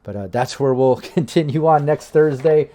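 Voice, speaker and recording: A man's voice: mid-range voice, normal speed, mellow. A man running a tabletop game as game master, narrating in a rambling way with many fillers and restarts.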